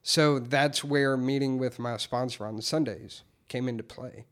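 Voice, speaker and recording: A man recounts his recovery story in a casual, candid way, swearing freely. His mid-range voice keeps a measured pace, though he grows animated whenever he quotes himself.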